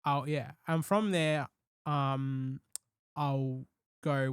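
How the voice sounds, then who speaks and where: This podcast host and comedian rambles through ideas in casual chat, swearing lightly as he goes. His smooth, mid-range voice moves very slowly with fairly even intonation, recorded close and dry with no echo or room sound.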